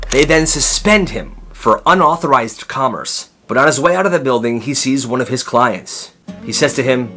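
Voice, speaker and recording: Animated young man telling stories. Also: medium pitch, faint music behind. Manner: chatty, animated, quick asides to the listener. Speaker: storyteller. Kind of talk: storytime narration for short videos.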